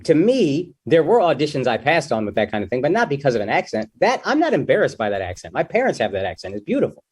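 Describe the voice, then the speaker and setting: A man's voice: fairly high pitch, wildly swooping pitch, fast talker, darkish tone, breathy edge. A young man, a comedian guest in a casual interview, talking loosely and jokingly, with lots of "dude" and "like".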